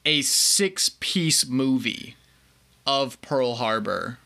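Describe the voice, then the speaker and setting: A man co-hosts a casual movie podcast, relaxed and ready with dry one-liners. His pitch moves a lot, and his tone has a bright, forward edge. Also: extremely slow, vocal fry. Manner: laid-back, wry one-liners. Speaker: podcast co-host. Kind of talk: casual movie review chat.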